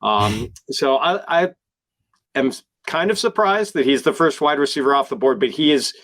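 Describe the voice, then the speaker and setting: A man's voice: mid-range voice, expressive, normal speed, fairly bright tone, no room sound. Man hedging thoughtfully on a panel. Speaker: fantasy football analyst. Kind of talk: panel draft discussion.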